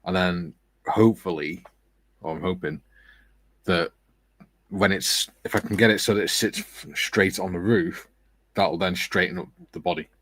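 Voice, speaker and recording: A man co-hosting a relaxed livestream, chatting and joking as he builds a scale model. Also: sits low, normal speed, pauses often, dry recording. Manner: chatty, joking, reads viewer comments aloud. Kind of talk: relaxed casual chat.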